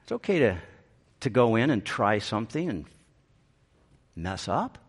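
Male pastor, middle-aged, low-pitched; sermon delivery, builds to emphatic peaks, wry asides. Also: very animated, measured pace, breathy edge. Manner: rises to emphatic peaks, dry self-aware humor.

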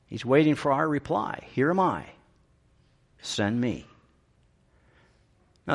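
Low-voiced pastor preaching emphatically. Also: male voice. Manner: rises to emphatic peaks, dry self-aware humor. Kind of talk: sermon.

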